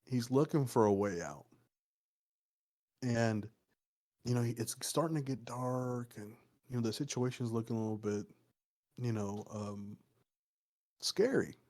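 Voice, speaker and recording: A man's voice: mid-range voice, a little slow, long pauses, darkish tone. Podcast guy rambling through a spooky story, swears a lot, lots of um and you know. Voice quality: loose, profane, rambling with many fillers. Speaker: podcast co-host. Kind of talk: casual storytelling.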